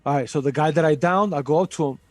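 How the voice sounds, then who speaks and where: A man playing in a casual tabletop game, eager, loud and blunt. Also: fairly high pitch, fast, no echo, faint music behind. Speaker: player.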